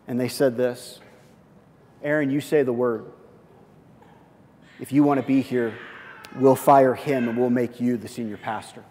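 A man preaching a sermon, telling a personal story and slipping into excited, quoted voices. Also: medium pitch, long reverb tail. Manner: storytelling with lively swings into excited quoted speech. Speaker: pastor.

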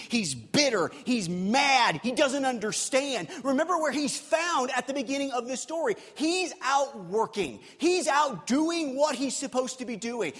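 A man's voice: very high voice, fairly bright tone, in a large hall. A man, a pastor, preaching a sermon in a conversational way, asking his listeners rhetorical questions.

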